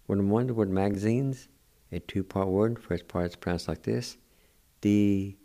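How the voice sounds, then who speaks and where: An older man hosting a radio language lesson, spelling words letter by letter and repeating each pronunciation slowly. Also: lowish voice, fairly even intonation, dark tone. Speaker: radio host teaching language.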